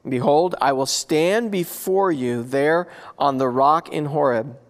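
A man's voice: a little high, slow pace, in a large hall. A man preaching a conversational sermon, asking his listeners rhetorical questions. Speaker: pastor.

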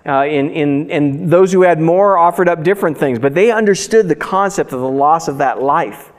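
A man's voice: a little high, normal speed. A male pastor preaching a sermon, reading scripture aloud and breaking in with loose, conversational asides. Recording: reverberant hall.

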